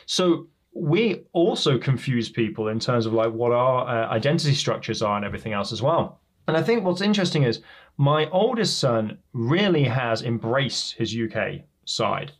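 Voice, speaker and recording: Reflective man, mid-pitched voice. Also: very animated, normal speed, breathy edge. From England. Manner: fluent, reflective storytelling. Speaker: guest. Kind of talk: casual interview chat.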